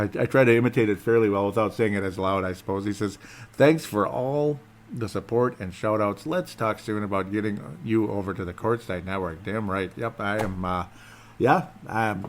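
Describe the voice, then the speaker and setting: A man with a fairly low voice talks to his listeners in a loose, rambling way. He jokes at his own expense and wanders off topic in a casual solo podcast. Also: normal speed, a little hiss or hum. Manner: rambling, self-deprecating, jokey. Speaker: podcast host.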